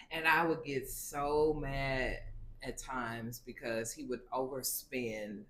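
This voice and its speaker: A woman's voice: very deep voice, fairly even intonation, slow pace, a bit bright, a little hiss or hum. A woman co-hosting a casual marriage chat, earnest and reflective, with lots of "you know" fillers. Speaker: podcast co-host.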